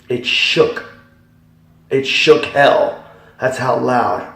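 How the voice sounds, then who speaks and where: Gravelly man giving slow testimony. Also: mid-range voice, a bit bright. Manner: emphatic, repetitive, dramatic storytelling. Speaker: testimony speaker. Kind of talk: religious testimony. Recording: echoey room, voice from far off.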